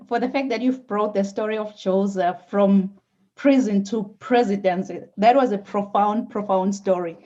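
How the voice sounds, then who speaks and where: A woman hosting an interview, thanking her guest and summing up his message in a measured, appreciative way. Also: mid-range voice, dark tone, muffled recording. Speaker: host.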